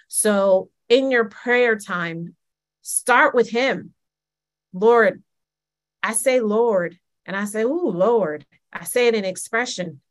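A woman's voice: medium pitch, fairly bright tone. A woman, emphatic and repetitive, calling listeners "honey" and "child". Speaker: church speaker. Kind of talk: personal testimony sermon.

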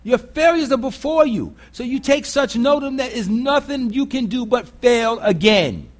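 High-voiced man preaching a sermon. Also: lively intonation, normal speed. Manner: conversational preaching with rhetorical questions; blunt, earthy phrasing. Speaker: pastor.

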